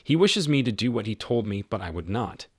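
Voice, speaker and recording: A man reads as a devout young woman mystic, recounting her trials in first person. The voice is low and husky, solemn and steady. It sounds close and dry. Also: brisk, no room sound.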